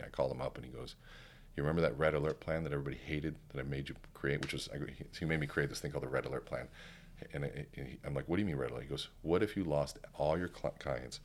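A man's voice: extremely low pitch, gravelly, slight background noise. A man telling a story in casual conversation as a podcast guest, acting out what people said. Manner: animated, acts out quoted dialogue. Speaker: podcast guest, keynote speaker.

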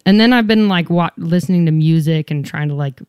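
A woman guest in casual chat, animated and self-mocking, swearing freely. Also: low voice, a little fast, clean tone, no echo, studio quality.

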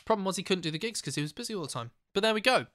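A man spins a rambling, sweary anecdote on a podcast. His voice is bright and forceful and sits a little high, recorded dry and close in a studio. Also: very fast, no echo. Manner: animated, sweary anecdote telling. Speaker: podcast co-host. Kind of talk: casual storytelling chat.

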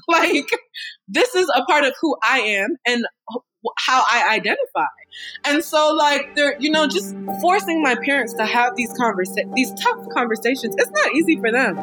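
A woman's voice: high voice, expressive, normal speed, sharp tone, no room sound. A young woman in an interview telling personal stories frankly and with animation, laughing often. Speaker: interview guest. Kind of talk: candid personal storytelling.

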